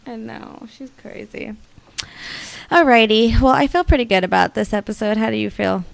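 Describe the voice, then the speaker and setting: A young woman co-hosting a podcast in casual chat, full of "like" and quick laughing asides. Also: fairly high pitch, steady tone, gravelly, no room sound. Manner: chatty, lots of "like" and laughing asides. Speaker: podcast co-host.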